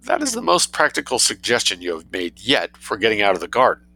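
A man gives voice to a prim, calculating young girl who bargains with cold, polite dignity. The voice is bright and somewhat low, with lively swings in pitch and a gravelly edge, recorded dry and close. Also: a little fast, exaggerated voice, rough recording. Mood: obliging. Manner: cold dignity, coolly mercenary.

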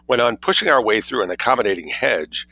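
A man reading a story aloud as audiobook narration, in an expressive, wry storytelling manner. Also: mid-range voice, a little fast, creaky, dry recording, poor audio. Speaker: reader.

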